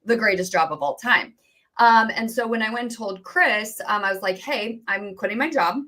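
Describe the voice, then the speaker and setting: An animated woman, a business coach, tells her story as a podcast guest. She talks casually and acts out the conversations she describes. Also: mid-range voice, normal speed. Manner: animated, acts out quoted dialogue, many "like"s.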